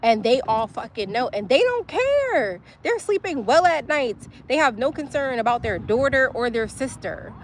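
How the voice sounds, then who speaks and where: A woman's voice: a little high, lively intonation, normal speed, hardly any pauses. Young woman, angry profane venting, faint background noise. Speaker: livestream host. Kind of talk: emotional personal vlog.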